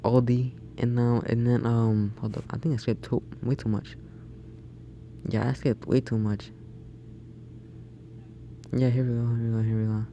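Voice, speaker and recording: A man's voice: medium pitch, flat delivery, normal speed, pauses often, warm tone, lo-fi sound, a little hiss or hum. A young man telling a story over gameplay in a casual, rambling way, often restarting his sentences. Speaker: gaming YouTuber.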